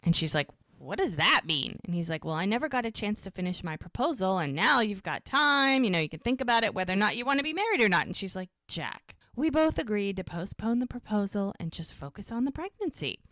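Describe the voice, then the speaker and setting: A woman co-hosting a TV rewatch podcast, retelling scenes in a lively, chatty way and acting out the characters' lines. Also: mid-range voice, fairly quick, few pauses, dry recording. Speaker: podcast co-host. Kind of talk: casual rewatch podcast recap.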